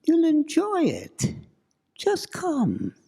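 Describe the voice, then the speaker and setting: A man voicing an eerie, insistent woman visitor with a put-on Middle European accent, beckoning slowly. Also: very high voice, huge pitch swings, vocal fry, dark tone, pitched above the performer's own voice, exaggerated voice. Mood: coaxing.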